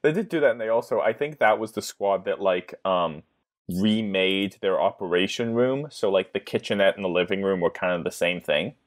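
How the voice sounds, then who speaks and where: A man's voice: low voice, normal speed. A man chatting casually as a guest on a podcast, often laughing at his own ideas.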